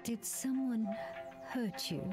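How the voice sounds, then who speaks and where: An actress voicing a frail, ill elderly woman who speaks softly and reassuringly to a cat, with game music behind. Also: fairly high pitch, takes it slowly. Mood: gentle. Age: older. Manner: soft-spoken, reassuring. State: ill, coughing.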